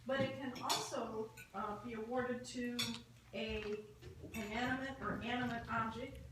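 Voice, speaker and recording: A woman speaks with clear assurance, explaining roles at a club meeting. Her voice is a touch high and comes from a distance in an echoey room, with loud cutlery and dish clatter behind. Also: steady tone, measured pace, background noise. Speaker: table topics master at a club meeting. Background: dishes and cutlery.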